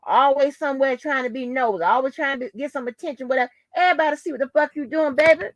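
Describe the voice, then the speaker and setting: High-voiced woman in a cursing rant. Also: fast, dry recording, muffled recording. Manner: heated, cursing, taunting. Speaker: channel host. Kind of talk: angry profane rant to the camera.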